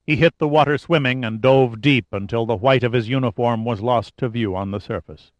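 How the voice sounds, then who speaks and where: A man giving a steady, dramatic narration of a thriller audiobook. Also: medium pitch, a little fast, dry recording. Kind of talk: scripted narration.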